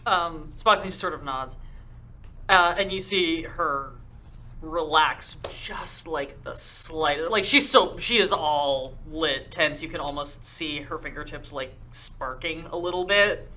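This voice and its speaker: A woman's voice: deep voice, slow pace, bright, forceful tone. A woman playing at a tabletop game, rambling as she thinks aloud about her character's moves. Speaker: player.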